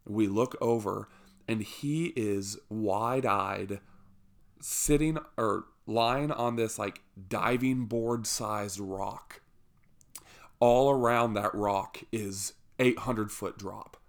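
A man telling a personal story with humor, lively and self-mocking, with jokey asides. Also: on the low side, slow.

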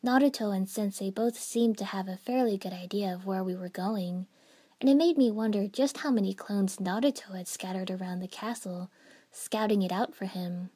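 A woman narrating a first-person fan fiction story in an even storytelling manner. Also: mid-range voice, moderate pace, slightly rough.

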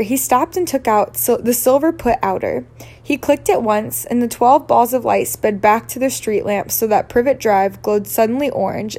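Relaxed woman reading a storybook aloud. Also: on the high side. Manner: relaxed, laughs at her own slips. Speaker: reader. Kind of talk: reading a children's novel aloud.

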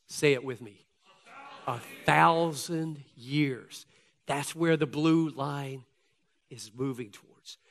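A man preaching a sermon to his congregation, reading scripture aloud and swinging between loud, emphatic lines and hushed ones. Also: fairly high pitch. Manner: addresses congregation directly as folks. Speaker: pastor. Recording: long hall reverb.

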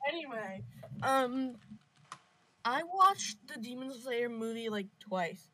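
A woman's voice: fairly high pitch, animated, slow, crowd noise, poor audio. A teenage girl chatting casually on a school club podcast, playful and teasing, giggling easily. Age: teens. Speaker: anime club member.

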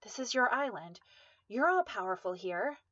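A woman voicing a frightened pregnant young woman with magic powers, pleading in a high, strained voice. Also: very animated, moderate pace, pushed and bright, no echo, dull audio. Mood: shaken.

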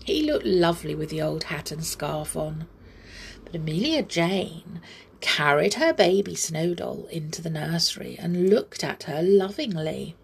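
A woman's voice: on the low side, lively intonation, unhurried, creaky, slight background noise. A woman reading a children's story aloud, a mother, adding chatty hesitant asides afterwards. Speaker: storyteller, parent.

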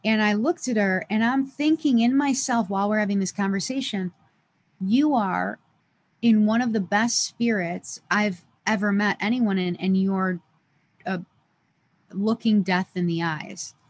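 A woman's voice: medium pitch, a little slow. A woman who is a podcast guest, earnestly telling an emotional personal story and acting out the dialogue as she goes. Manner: earnest, lively retelling with quoted dialogue.

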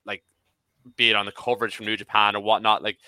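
Excitable thirty-something man, bright crisp voice. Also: on the low side, fast, dry recording. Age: 30s. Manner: excitable, swears casually. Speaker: podcast panelist. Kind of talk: casual chat.

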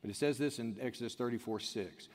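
A man's voice: mid-range voice, quick pace. Preaching man in a reverberant hall. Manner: swings from quiet and intimate to loud, shouted emphasis. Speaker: pastor. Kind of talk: sermon.

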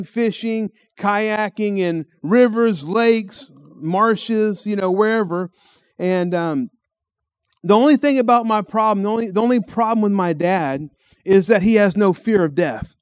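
A man's voice: high-pitched, clear, resonant tone, no room sound, studio quality. A middle-aged man with a Texan accent telling a folksy, rambling story in a sermon, often repeating his words. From Texas. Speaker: pastor.

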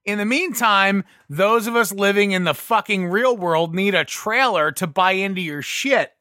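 Male podcast co-host, high bright voice, argumentative and ranting. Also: normal speed, no room sound, studio quality. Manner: argumentative, talks in restarts and rants. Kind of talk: casual podcast banter.

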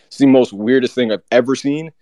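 A man co-hosting, delivering a rapid, heated, run-on sports rant. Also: medium pitch, warm tone, dry recording. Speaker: co-host.

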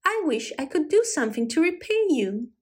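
Lady putting on a tiny squeaky piggy, way up high, bouncy and sure of himself. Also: big pitch swings, moderate pace. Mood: eager. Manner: squeaky, eager. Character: small excitable male piglet.

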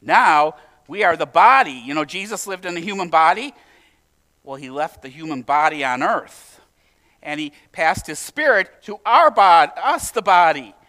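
A man's voice: a little high, expressive, normal speed, bright, forceful tone. A male pastor preaching a sermon in a conversational, lightly humorous way, asking his listeners direct questions.

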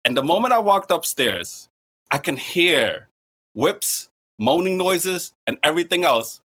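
A young man telling a funny story in casual chat, animated and laughing, with lots of fillers and swearing. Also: on the high side, unhurried, husky. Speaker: podcast guest storyteller.

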